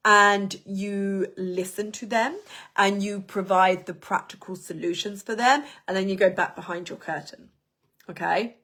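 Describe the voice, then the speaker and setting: Animated woman teaching a workshop. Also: medium pitch, unhurried. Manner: animated, emphatic, repeats words for emphasis. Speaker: business coach teaching a workshop.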